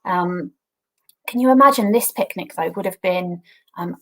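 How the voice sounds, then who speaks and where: An English woman talks to children at home in a relaxed, chatty way, as if over a video call. She keeps the tone homely and light, slipping in small laughs as she goes. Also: on the low side, normal speed, rough recording. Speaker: church talk leader. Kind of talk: casual children's church talk. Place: home by a garden window.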